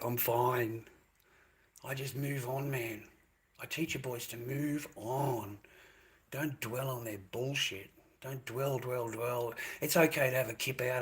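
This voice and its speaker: A man's voice: medium pitch, a bit bright, slightly rough. Rambling older man streaming. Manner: rambling, repeats himself, calls viewers mate and boys. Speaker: livestreamer. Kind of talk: rambling livestream chat.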